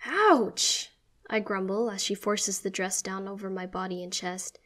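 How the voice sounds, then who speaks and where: Woman reading a story out loud, first person, steady and expressive. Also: mid-range voice, moderate pace. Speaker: story narrator.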